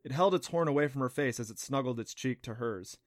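A man narrating a children's adventure audiobook in a steady, clear storytelling voice. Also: medium pitch, a little fast, no room sound, studio quality. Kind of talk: scripted narration.

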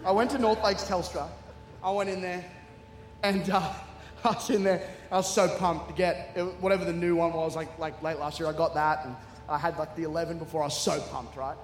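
An Australian man preaches from the stage, his voice sitting high for a man. He tells stories with humour and self-mockery. The sound carries a long reverb from a large hall with faint ambience behind. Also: a little fast, a little hiss or hum. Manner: humorous, animated, self-mocking storytelling with laughter. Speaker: guest preacher. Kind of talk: storytelling sermon. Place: large church hall with congregation.

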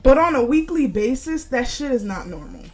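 A woman's voice: sits high, very animated, moderate pace, a little mellow, husky, faint music behind. A young woman hosting a casual solo podcast, talking bluntly with lots of swearing and frequent laughs. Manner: blunt and profane, laughs often. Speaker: podcast host.

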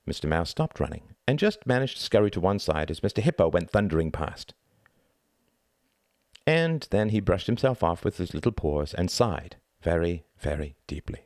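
A man narrating a novel as an audiobook in a measured, expressive reading. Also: sits low, no room sound, clean studio sound.

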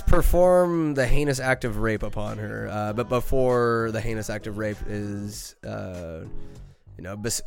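A podcast host recaps a movie with loose, rambling enthusiasm, piling on fillers and quick jokes. His voice sits at a middling pitch. Faint music plays underneath.

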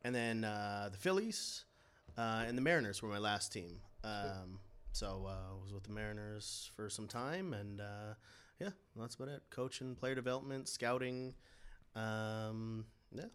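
Brief: male podcast guest, smooth, resonant voice, relaxed storytelling. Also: fairly low pitch, unhurried. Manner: laid-back storyteller, laughs often. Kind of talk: casual podcast chat.

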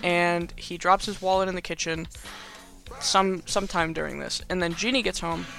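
Young dude rambling thru a movie recap, high bright voice, lots of um and like. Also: male voice, fairly even intonation, normal speed, creaky, faint music behind. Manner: rambling, filler-heavy, playfully sarcastic. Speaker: podcast host.

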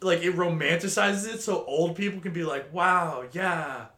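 A man's voice: sits high, brisk, a bit bright. A man co-hosting a podcast in casual chat, blunt and dismissive, swearing freely. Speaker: podcast co-host. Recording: echoey room.

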